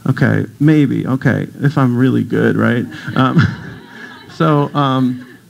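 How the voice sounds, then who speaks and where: A middle-aged man with a gravelly edge gives a casual talk to a church audience. He is a playful storyteller who slips into other people's voices for laughs. His pitch sits in the middle of the range. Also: takes it slowly, muffled recording. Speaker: guest speaker, breathwork teacher. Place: congregation hall.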